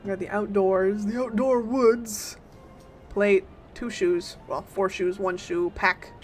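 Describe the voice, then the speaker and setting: A woman streaming a game live, chatting casually and playfully with bursts of loud exclamations. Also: mid-range voice, little pitch movement, unhurried, faint music behind.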